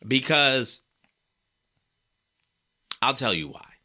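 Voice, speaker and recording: A man's voice: lowish voice, very animated, normal speed, pushed and bright. A man hosting a sports talk show, ranting and fired up, hammering his points with emphatic repetition. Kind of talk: opinionated sports commentary.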